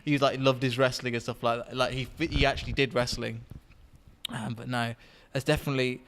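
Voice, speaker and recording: A man's voice: mid-range voice, flat delivery, brisk, fairly bright tone. Chatty young Englishman, podcast host. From England. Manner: chatty, laughs easily, many restarts. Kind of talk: casual chat.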